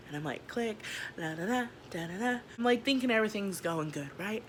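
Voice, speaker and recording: A woman's voice: medium pitch, expressive, brisk, a little hiss or hum. A young woman vlogger telling a story from her life in a casual, slangy way, acting out each scene as she goes. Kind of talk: storytime vlog.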